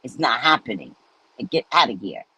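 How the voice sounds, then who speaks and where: Chatty husky woman live-streaming. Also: very deep voice, big pitch swings, a little fast, bright, forceful tone, dry recording, low-quality recording. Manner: chatty, laughing storyteller. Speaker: host of live readings. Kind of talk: casual live-stream chat.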